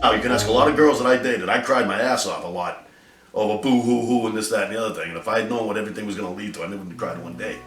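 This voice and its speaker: A man's voice: on the low side, rapid-fire, fairly bright tone, far from the mic. A middle-aged man telling the story of his marriage in a casual interview, acting out the quotes with bursts of laughter. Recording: echoey room from afar with music.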